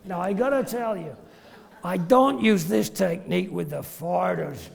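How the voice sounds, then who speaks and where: Older English raconteur, gravelly, high for a man; comic after-dinner stories, heavy hall reverb. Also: a little slow. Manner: animated, comic storyteller who acts out quoted voices. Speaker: retired family doctor telling anecdotes.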